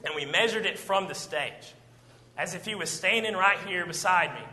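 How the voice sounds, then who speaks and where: A man preaching a sermon, retelling a Bible story with lively acted-out quotes. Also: sits high, moderate pace. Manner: animated storytelling, acting out quoted lines. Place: church auditorium. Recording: long church hall reverb.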